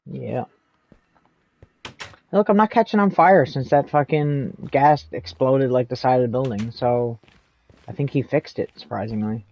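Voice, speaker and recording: A man's voice: medium pitch, a little slow, pauses often, dull audio. A man with a Canadian accent, chatting in a rambling, casual way while streaming a game and laughing often. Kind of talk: casual chat while gaming.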